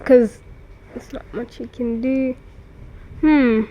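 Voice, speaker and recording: A woman's voice: fairly high pitch, fairly even intonation, takes it slowly, mellow, highs cut off. A young woman as a guest in a casual chat, hesitant and thinking aloud.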